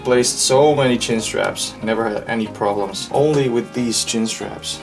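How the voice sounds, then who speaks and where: A man's voice: fairly low pitch, moderate pace, hardly any pauses. Man muttering through a fiddly repair job. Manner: muttering and sighing while straining at a task. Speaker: vlogger restoring a helmet. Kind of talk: hands-on restoration commentary. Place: hot room indoors. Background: background music.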